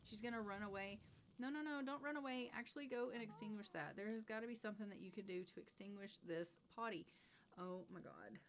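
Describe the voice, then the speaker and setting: A chatty woman narrating her life-sim game as a channel host. She talks at an ordinary middle pitch and gets excitable, laughing often as she goes. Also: a little fast, a little hiss or hum. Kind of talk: let's play narration.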